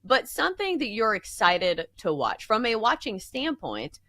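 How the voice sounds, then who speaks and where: Female host, expressive rising and falling voice, upbeat, asks the questions. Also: a little high, unhurried, dry recording, studio quality. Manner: upbeat, leads the segment with questions. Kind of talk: casual sports betting chat.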